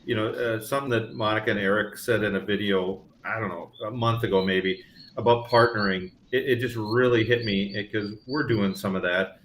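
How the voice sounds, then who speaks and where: A man co-hosting a casual farm livestream, his voice a touch low and carrying a roomy echo. He talks in a loose, rambling, easygoing way and pokes fun at himself. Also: fairly even intonation, fairly quick, fairly bright tone, slight background noise. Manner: easygoing, rambling, self-deprecating. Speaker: livestream co-host. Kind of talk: casual chat.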